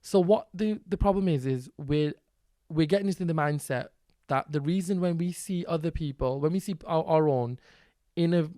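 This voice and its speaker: A man with a Northern English accent, a guest on a podcast, talking in a lively way and acting out quotes as he tells stories. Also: a little high, no echo, clean studio sound. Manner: animated, quick storytelling with acted quotes. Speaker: guest, content creator and teacher. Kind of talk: casual podcast interview.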